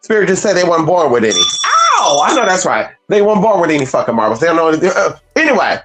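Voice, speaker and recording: A spiritual channel host chatting casually with livestream viewers, blunt and salty, jumping between high exclamations and low muttered asides. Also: big pitch swings, rapid-fire, loud music behind the voice. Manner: salty and blunt, swears freely.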